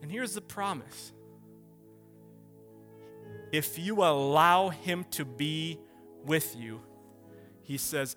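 A man in his thirties delivers an impassioned sermon, his voice pitched high and ringing bright. He drives his points home with runs of rhetorical questions, and soft music plays faintly underneath. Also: takes it slowly, long pauses. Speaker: pastor.

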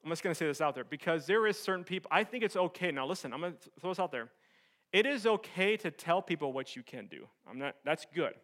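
Animated young male pastor preaching. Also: a little high, fast. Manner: animated storytelling, shifts from loud excited to soft earnest. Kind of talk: sermon.

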